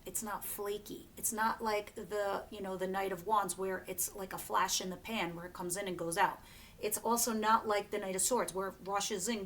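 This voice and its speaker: Woman doing a tarot reading, chatty, emphatic, curses a lot, faint low hum behind. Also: fairly bright tone. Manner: chatty and emphatic, swears freely, laughs often. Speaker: tarot reader. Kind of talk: casual tarot reading to camera.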